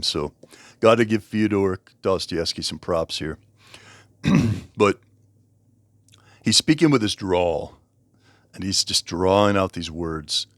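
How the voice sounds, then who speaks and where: A man's voice: sits low, a bit bright, dry recording. A man casually reviewing a book, rambling, correcting himself and chuckling as he talks. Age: over 20.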